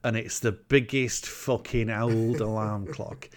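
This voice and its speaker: A man's voice: on the low side, level tone, slow, a crowd in the background. A man in casual chat, recapping a film in a wry, meandering way with fillers and laughs.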